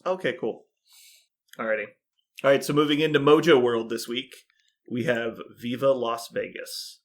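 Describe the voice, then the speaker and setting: A man's voice: mid-range voice, fairly even intonation, normal speed. A man hosting a casual podcast chat who laughs often as he retells scenes. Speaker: podcast host.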